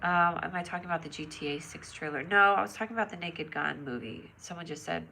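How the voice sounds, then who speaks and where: A woman's voice: fairly low pitch, animated, a little fast, gravelly, hardly any pauses, sharp tone, slight background noise. A woman hosting a casual phone live stream, bubbly and giggly, chatting with viewers and reading their comments aloud. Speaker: livestream host. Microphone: phone camera.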